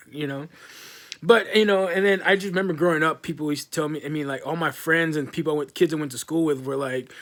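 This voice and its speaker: Man, 30s, casual vlog monologue: rambling, swears a lot, somewhat high-pitched. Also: fairly even intonation, quick pace, hardly any pauses, fairly bright tone. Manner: rambling, profane, full of fillers. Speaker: vlogger.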